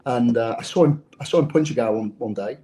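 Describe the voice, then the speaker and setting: Blunt man with a dark, mellow voice. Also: mid-range voice, quick pace. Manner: blunt, profane, repeats his words. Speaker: former undercover officer, guest. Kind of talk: casual interview storytelling.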